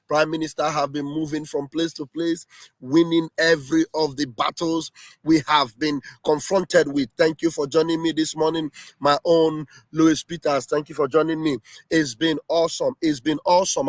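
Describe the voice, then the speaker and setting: Fervent high-voiced man. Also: flat delivery, moderate pace, dry recording. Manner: fervent, repetitive exclamations, often shouting. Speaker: livestream host. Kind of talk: impassioned political livestream commentary.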